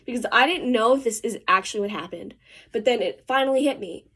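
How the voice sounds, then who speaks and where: A teenage girl tells a rambling story in casual vlog style while doing her makeup. She talks in a fairly high voice and drops slangy asides as she goes. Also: fast, a bit bright, husky. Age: teens. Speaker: vlogger.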